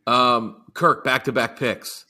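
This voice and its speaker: A man in a casual movie podcast chat, animated and exasperated, swearing freely. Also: medium pitch, takes it slowly.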